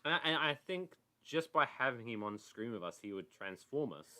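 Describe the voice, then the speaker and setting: A man's voice: mid-range voice, very animated, a little fast, sharp tone. A man co-hosting a podcast over a video call, chatting casually about football and mocking the pundits he retells. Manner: rambling, mocking storyteller. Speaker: podcast co-host.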